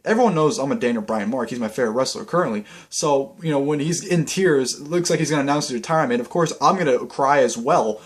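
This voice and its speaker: A young man giving a casual, rambling video recap that is full of fillers and bursts of excitement. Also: a little high. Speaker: vlogger.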